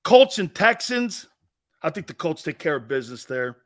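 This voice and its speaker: A man's voice: a little high, sing-song, moderate pace. A man hosting a live sports talk show, boisterous and teasing, reading chat messages and laughing a lot. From Italian-American background.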